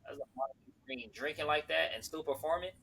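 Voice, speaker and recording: A man co-hosting a podcast in casual chat, excitable and slangy, swearing often. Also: a little high, quick pace, creaky, a crowd in the background. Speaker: podcast co-host.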